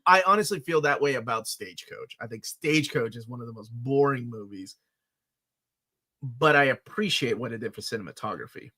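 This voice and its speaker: A middle-aged man co-hosting a casual live chat, joking and telling stories with animated delivery. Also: medium pitch, fairly quick. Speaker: co-host of a comics channel.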